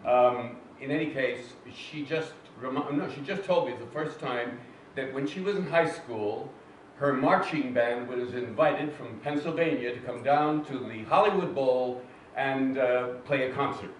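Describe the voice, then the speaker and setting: A man's voice: medium pitch, a little slow. An older man, an actor being interviewed on stage, telling anecdotes to a live audience in a chatty, self-deprecating way with fillers and restarts. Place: cinema hall with live audience. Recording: roomy hall, distant mic, faint noise.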